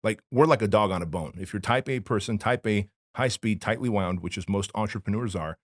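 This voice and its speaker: A man's voice: fairly low pitch, brisk, dry recording, clean studio sound. A man from Armenia, a podcast guest telling his personal story candidly, in a blunt, emphatic, slangy way. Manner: emphatic, blunt and slangy, addressing the host as dude and bro.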